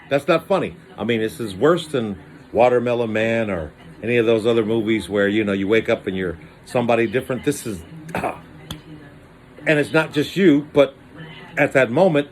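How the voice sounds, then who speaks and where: A man telling a rambling comic monologue in a slangy, animated way, jumping into high voices for quoted lines. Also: normal speed. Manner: animated, slangy, acts out voices with pitch jumps. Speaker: monologue storyteller.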